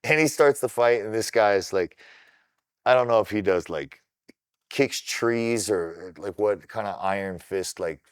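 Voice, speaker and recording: A middle-aged man from Ohio recounts his fights in a loose, animated podcast chat, swearing freely as he goes. His voice sits deep and low, with a smooth, resonant tone. The sound is dry and close to the mic. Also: measured pace, no echo. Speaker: podcast guest, kickboxer. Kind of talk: casual storytelling.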